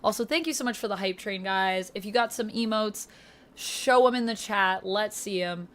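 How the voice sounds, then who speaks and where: A woman's voice: medium pitch, normal speed. A woman livestreamer in casual chat with her viewers, upbeat, thanking them and reading chat aloud into a desk streaming mic.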